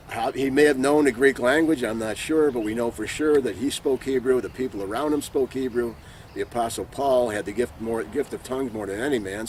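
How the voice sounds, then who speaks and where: A man's voice: mid-range voice, a little mellow, a little hiss or hum. A man giving an informal Bible teaching, speaking earnestly and emphatically and reading scripture passages aloud.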